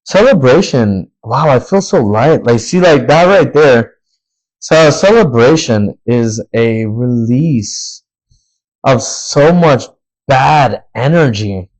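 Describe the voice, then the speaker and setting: A young man hosting his own podcast, talking in a slow, earnest and reflective way with long pauses. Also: mid-range voice, lively intonation, low-quality recording. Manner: slow, earnest, emotional and pausing. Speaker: podcast host. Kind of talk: reflective solo podcast talk.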